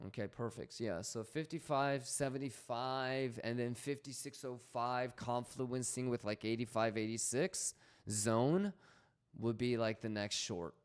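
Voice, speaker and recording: A man's voice: medium pitch, measured pace, clean tone. A man hosting a casual trading livestream, slangy and swearing freely as he reads out chat messages.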